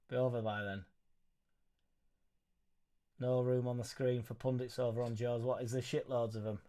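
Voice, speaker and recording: A young man hosting a live football reaction stream, reading viewer messages in an excitable, sweary, joking way. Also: mid-range voice. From Leeds, England. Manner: excitable, sweary, banter-filled. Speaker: football fan channel host.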